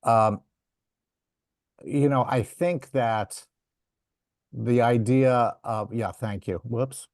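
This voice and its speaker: A man on a design commission answering with halting speech, full of fillers and restarts. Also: medium pitch, darkish tone, dry recording, clean studio sound. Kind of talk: public meeting discussion.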